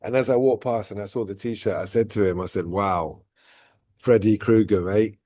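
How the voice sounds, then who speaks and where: Here the vlog host from outside Dubai talks fast, his mellow voice on the low side. He rambles at length in a casual, reflective chat, peppering his points with "right?" and "look." There's no room sound, and the audio is studio quality.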